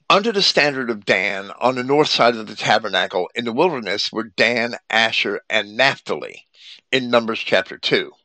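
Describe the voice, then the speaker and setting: A man delivers a scripted Bible commentary, reading at a steady, explanatory pace. His voice is bright and forceful, and it sits close and dry with no room sound around it. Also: medium pitch, no echo.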